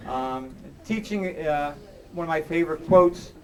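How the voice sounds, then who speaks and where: Earnest male award recipient, heartfelt and halting, picked up from a distance in a banquet hall. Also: on the high side. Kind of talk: heartfelt acceptance speech. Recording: distant mic in a noisy hall.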